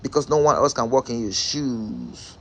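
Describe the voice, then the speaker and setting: Guy doing a motivational live stream, preachy, keeps asking viewers the same questions, middle pitch. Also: very animated, moderate pace, breathy edge. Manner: calls out viewers' names. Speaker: host.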